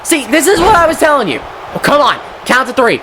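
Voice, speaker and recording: A man doing excitable, sweary play-by-play commentary on a wrestling match, often shouting at the action. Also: extremely high pitch, a little fast, background noise. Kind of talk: play-by-play video game commentary.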